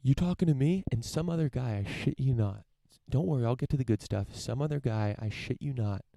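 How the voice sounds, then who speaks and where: A man's voice: medium pitch, fairly quick, vocal fry, dark tone, no room sound. A young man hosting his own podcast from his parents' home, talking in a loose, rambling, profane way with lots of fillers and restarts. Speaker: podcast host. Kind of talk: casual solo podcast monologue. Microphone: camera setup for a live stream.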